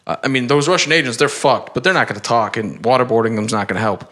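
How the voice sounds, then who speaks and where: A man's voice: mid-range voice, quick pace, a bit bright. A man co-hosting a podcast in casual, rambling chat, swearing often and using many fillers. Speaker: podcast co-host.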